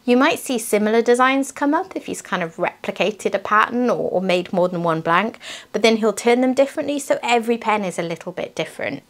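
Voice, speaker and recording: A woman's voice: on the high side, lively intonation, a little fast. A woman vlogging about her craft collection in a casual show-and-tell, chatty and rambling, with tag questions.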